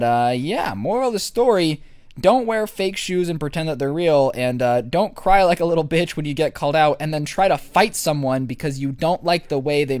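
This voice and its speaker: A man's voice: a little high, dry recording. Sarcastic young man telling a story. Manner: sarcastic, crude deadpan asides. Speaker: vlogger. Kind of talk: comic storytime.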